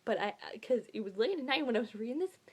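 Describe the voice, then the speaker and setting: Young woman book vlogger, slightly high voice, gushing and breathless, casual fan chatter. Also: big pitch swings, fast talker, breathy edge. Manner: gushing, breathless, swings between whispers and squeals. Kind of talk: excited casual book talk.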